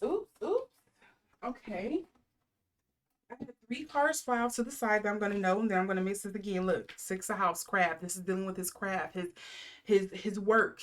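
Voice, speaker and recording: A woman in her thirties talks through a casual tarot reading in a relaxed, meandering way. She leans on fillers and restarts. She rattles off strings of card keywords at an everyday, middle pitch. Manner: rambling, lots of fillers, reels off card keywords. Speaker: tarot reader.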